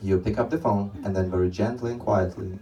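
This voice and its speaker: A man's voice: fairly low pitch, steady tone, fairly quick, warm tone, far from the mic, a little hiss or hum, low-quality recording. A young man doing a stand-up comedy set on a club stage, telling rambling stories with many restarts.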